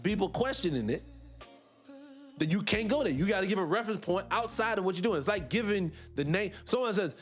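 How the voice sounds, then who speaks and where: Soft music plays as a middle-aged man from the US runs a relaxed livestream, talking fairly fast in a high, animated voice. He makes his points emphatically, rattling off one rhetorical question after another.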